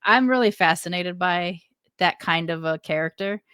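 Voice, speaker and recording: A woman with a fairly low voice, recorded close and dry, co-hosting a podcast. She talks through her thoughts slowly and reflectively, with many restarts and easy laughs. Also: a bit bright, clear, resonant tone, dry recording. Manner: thoughtful, rambling, laughs often. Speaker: podcast co-host. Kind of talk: casual chat.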